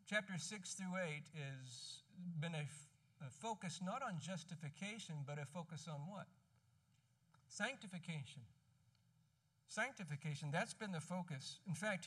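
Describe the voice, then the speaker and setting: A man with a high, bright voice teaches through a sermon in a relaxed, conversational way, often stopping to correct himself. He sounds somewhat distant from the microphone. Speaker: pastor. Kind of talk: expository sermon.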